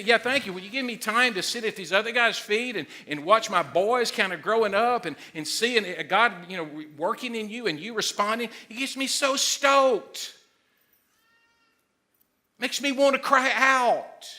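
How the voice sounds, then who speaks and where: A middle-aged man preaching a sermon as pastor, excitable and emphatic, loud at times. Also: high voice.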